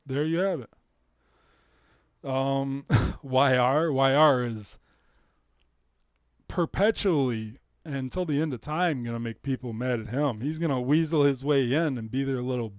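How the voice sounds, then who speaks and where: A man at an everyday middle pitch rants to his live stream viewers in a loose, casual way. He swears freely and throws in short laughs, and his voice sounds dry and close with no room around it. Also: measured pace, no room sound. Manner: profane, blunt, laughing asides.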